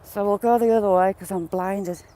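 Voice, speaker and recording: An English woman with a mixed regional accent chats on a cold countryside walk. She hosts a relaxed livestream and greets viewers by name between remarks. Her voice sits at an ordinary middle pitch for a woman, recorded on a handheld phone. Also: normal speed, slight background noise. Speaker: livestream host. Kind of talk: casual walk-and-talk livestream.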